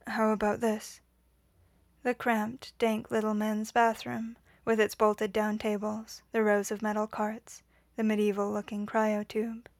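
A woman reading a story aloud in a quiet, measured voice, whispering the dialogue. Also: medium pitch, monotone, no echo. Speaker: reader. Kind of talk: audiobook reading of fan fiction.

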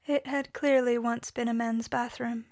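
A woman reads fiction aloud in a steady, measured way. Her voice is a little high and keeps a narrow pitch range. The sound is dry and close. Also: dry recording. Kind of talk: audiobook-style fiction reading.

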